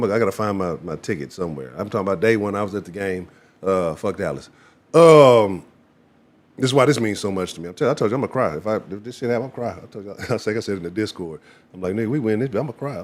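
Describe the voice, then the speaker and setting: A man hosting a casual live sports stream, rambling in an animated, slangy and profane way. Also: medium pitch. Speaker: sports show host.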